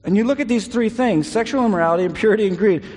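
A man preaching a sermon, animated and conversational, often repeating words as he paraphrases scripture. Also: high voice, racing. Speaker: pastor. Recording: long reverb of a large hall.

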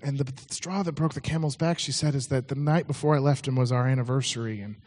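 A man's voice: medium pitch, steady tone, quick pace, darkish tone. A man preaching a sermon, telling a story in a conversational way with frequent restarts.

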